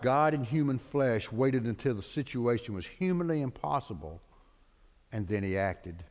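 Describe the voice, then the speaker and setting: A man's voice: medium pitch, lively intonation, normal speed, a little mellow. A man preaching a sermon, a dramatic preacher who acts out the people in his stories. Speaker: pastor. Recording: long hall reverb.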